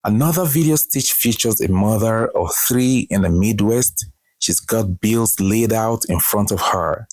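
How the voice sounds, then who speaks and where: Slow, dramatic male commentary host. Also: on the low side, a little mellow, dry recording. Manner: dramatic, deliberate delivery. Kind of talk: scripted commentary.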